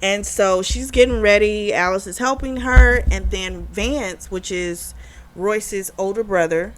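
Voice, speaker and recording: Young woman, book club host, casual chatty plot recap, mid-range pitch. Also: unhurried. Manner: chatty, animated retelling with quoted dialogue and laughs. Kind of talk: casual book review retelling.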